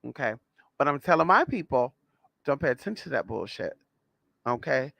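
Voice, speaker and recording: A man's voice: medium pitch, big pitch swings, moderate pace, vocal fry, sharp tone, no room sound. A man telling a story to his viewers in a sassy, blunt, casual way, calling them girl and honey. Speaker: spiritual vlogger.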